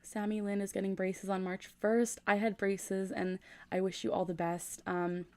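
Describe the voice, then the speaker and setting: A woman's voice: medium pitch, flat delivery, moderate pace, a little mellow. A woman in her twenties chatting casually on a livestream from her room at night, keeping her voice down as she reads comments. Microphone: gaming USB microphone.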